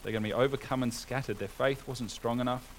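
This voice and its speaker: Man preaching, sermon, earnest, rhetorical questions, mid-pitched voice, faint traffic noise behind. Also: steady tone, quick pace, low-quality recording. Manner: earnest, rising to emphatic exhortation with rhetorical questions.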